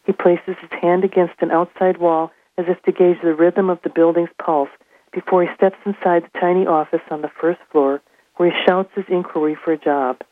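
A woman reading aloud from her own novel in a steady, measured narration. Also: on the low side, no room sound. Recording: tinny phone line.

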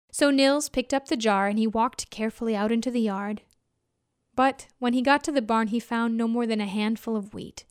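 A woman telling a folk tale expressively, voicing sound effects and dropping to hushed whispers. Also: a little high. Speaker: storyteller.

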